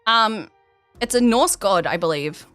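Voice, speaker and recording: A woman's voice: medium pitch, animated, measured pace, fairly bright tone, dry recording, soft background music. A young Australian woman streaming a game, chatting in a rambling way and answering her chat over a headset mic. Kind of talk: casual chat while gaming.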